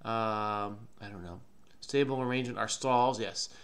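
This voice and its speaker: A man hosting his own channel, thinking aloud as he solves a crossword in a calm, musing way that often trails off unsure. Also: on the low side, normal speed, smooth. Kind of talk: thinking aloud while solving a puzzle.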